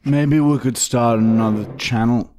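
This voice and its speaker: A man's voice: medium pitch, a little slow, a little mellow. An Australian man co-hosting a crude comedy podcast, rowdy, swearing and joking in a studio under lights. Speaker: podcast co-host.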